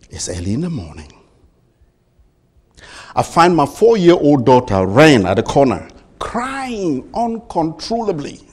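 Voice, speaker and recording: Slow, dramatic male motivational speaker. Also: a little mellow. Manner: dramatic storytelling with sweeping pitch and deliberate pauses. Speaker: public speaker. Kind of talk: motivational speech.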